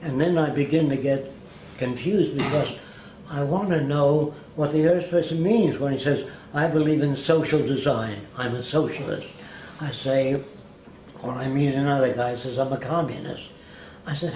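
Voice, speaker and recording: A man's voice: medium pitch, moderate pace. A man telling anecdotes as an interview guest, acting out the people he quotes. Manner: lively storyteller who acts out quoted people. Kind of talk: anecdotal storytelling. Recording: echoey room with faint hiss.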